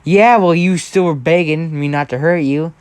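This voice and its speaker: A man's voice: fairly high pitch, normal speed, darkish tone, clean tone, no echo, lightly acted. A man voicing a playful teenage boy hero who teases and jokes casually. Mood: teasing. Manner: teasing and casual.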